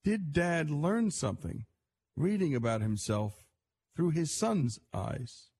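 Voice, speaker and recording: A man's voice: a little high, very animated, slow pace, a little mellow, slightly rough. A man hosting a radio storytelling show, introducing a segment in a reflective, conversational way.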